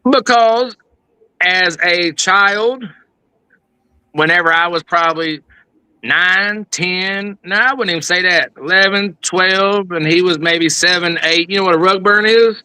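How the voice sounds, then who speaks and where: A man's voice: high voice, a little slow, pushed and bright, clean tone, dry recording, low-quality recording. A man in his thirties talking heatedly and profanely in casual chat, rambling as he gets worked up. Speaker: guest.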